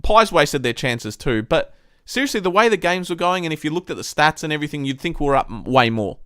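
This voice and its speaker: A man's voice: a little high, quick pace, clear, resonant tone, no echo, studio quality. A man hosting a live-stream footy review, swearing heavily and ranting in frustration, his voice jumping up when he gets worked up. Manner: excitable, voice jumps up when worked up.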